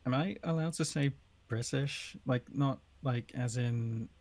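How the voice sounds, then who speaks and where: A mid-pitched voice speaks haltingly, with plenty of likes and ums, in a relaxed group chat about accents. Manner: hesitant, many fillers.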